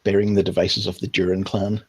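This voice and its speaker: A man narrating a tabletop game as game master, hesitant, with frequent ums and pauses. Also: low-pitched, level tone, a little mellow, breathy edge.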